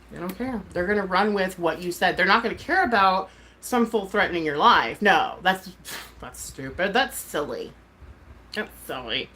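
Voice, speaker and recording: Animated woman ranting to camera. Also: on the low side, slight background noise. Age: adult mom. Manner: exasperated, swears freely, fillers like "like". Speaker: YouTuber and streamer. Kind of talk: casual ranting vlog.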